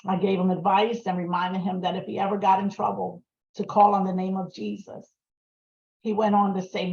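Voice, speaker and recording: A middle-aged woman speaking as a guest on a video call, giving a personal testimony in an emotional, earnest way with frequent pauses. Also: medium pitch, level tone, creaky, a little mellow, echoey room. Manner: emotional, earnest, pausing often. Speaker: guest speaker, survivor advocate. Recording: muffled lo-fi video-call audio.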